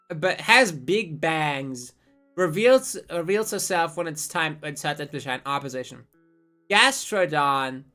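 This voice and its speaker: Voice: mid-range voice, fairly bright tone. A streamer chatting casually and rambling on a live stream, swearing freely and often cutting off their own sentences. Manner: rambling, profane, self-interrupting.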